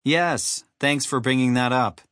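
A man's voice: mid-range voice, animated, normal speed, fairly bright tone, no echo, close to an everyday voice. A man voicing a grumpy, sarcastic male bird hero in a storybook reading. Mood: gruff. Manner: gruff, dry sarcasm.

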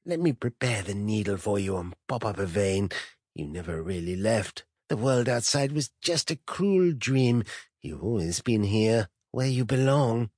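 A man voicing an ageless, sinister drug-den host who speaks in a breathy, falsely hearty voice, slow and coaxing. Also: fairly low pitch, expressive, darkish tone, no echo, studio quality. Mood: wheedling. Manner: silky, wheedling, slow and coaxing. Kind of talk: audiobook character voice.

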